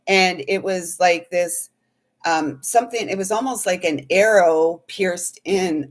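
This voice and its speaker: Slow, low-voiced woman sharing a spiritual story. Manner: meandering, earnest, speaks of feelings. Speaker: intuitive healer and reader.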